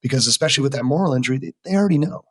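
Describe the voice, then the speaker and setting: A middle-aged man from the United States talks quickly and earnestly as a podcast guest. His voice sits at a medium pitch and sounds close and dry, with no room echo. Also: slightly rough. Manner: earnest, emphatic. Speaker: veteran mental health worker, interview guest. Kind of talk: casual conversational interview.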